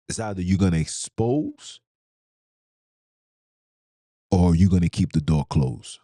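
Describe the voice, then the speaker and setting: A man's voice: low voice, expressive, normal speed, warm tone, no echo, studio quality. A man hosting a podcast, delivering a preachy, fired-up monologue full of rhetorical questions and streetwise slang. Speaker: podcast host. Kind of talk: impassioned monologue.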